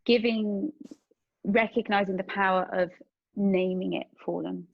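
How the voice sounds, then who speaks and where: Gravelly, husky woman host, dull audio. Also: mid-range voice, steady tone, dry recording. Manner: halting, thoughtful, restarts often. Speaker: podcast host. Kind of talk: conversational interview.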